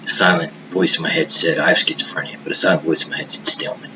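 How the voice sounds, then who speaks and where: Low-voiced man rambling over hiss. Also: level tone, racing. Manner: rambling, profane, drops into hushed murmurs. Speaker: vlogger. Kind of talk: rambling personal monologue. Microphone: webcam. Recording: noisy hiss behind the voice.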